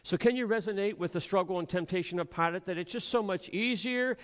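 Guy preaching a sermon, kinda high voice, long echo in the church, earnest, asks lots of questions. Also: quick pace, a bit bright, clean tone. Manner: earnest, rhetorical, acts out voices of listeners. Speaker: pastor. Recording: long hall reverb.

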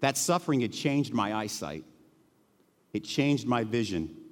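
A middle-aged male pastor preaching a sermon in a church, earnest and emotional, dropping to hushed tones and then rising to emphatic peaks. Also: mid-range voice, animated, a little slow, long reverb tail. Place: church sanctuary.

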